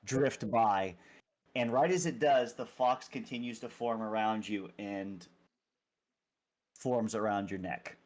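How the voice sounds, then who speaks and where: A man narrating a tabletop game as game master, talking fast with frequent restarts. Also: on the low side, darkish tone. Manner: quick, halting narration with restarts.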